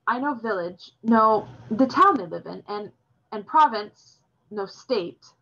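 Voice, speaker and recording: A woman voicing an earnest, shy eleven-year-old immigrant boy who speaks in careful, halting broken English. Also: mid-range voice, expressive, creaky, pushed and bright, lo-fi sound, voice pushed up, heavily acted. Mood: unsure.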